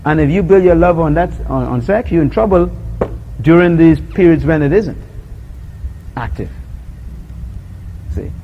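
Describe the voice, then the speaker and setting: In an unhurried, gravelly, fairly high voice that pauses often, a man preaches about love as if chatting, dramatizing small scenes and quotes. He chuckles often and asks the congregation questions. The audio is narrow and tinny, with a little hiss or hum.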